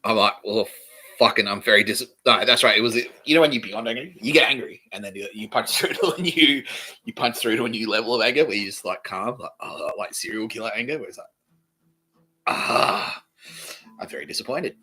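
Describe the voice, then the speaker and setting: A man's voice: fairly low pitch, fast, bright, forceful tone, breathy edge, rough recording. An Australian man hosting a podcast, talking alone in a rambling, profane, repetitive way. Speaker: podcast host. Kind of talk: rambling solo monologue.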